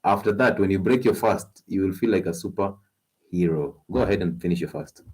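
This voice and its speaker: A man with a Kenyan accent hosting a health talk stream, animated and coaxing, laughing often as he gives advice. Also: low voice, fairly quick, slightly rough. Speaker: health show host.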